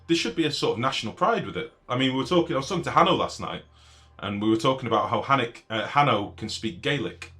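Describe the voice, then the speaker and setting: A man's voice: mid-range voice, animated, fast, sharp tone. A British man live-streaming a game, answering viewers in blunt, profane, ranting casual talk. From Britain.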